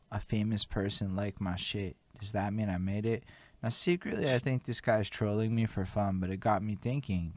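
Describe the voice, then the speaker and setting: A man's voice: lowish voice, a little mellow, no echo. A man hosting a casual conversation, talking things over in a loose, reflective way. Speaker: host. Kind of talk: casual chat.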